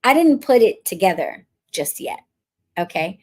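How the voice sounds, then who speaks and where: A woman's voice: mid-range voice, big pitch swings, unhurried, a little mellow, husky. Woman, from the Bronx, podcast host, casual storytelling, chatty, acts out dialogue, mid-range voice. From the Bronx, New York. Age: adult, married since before 2020. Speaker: witchcraft coach and podcast host.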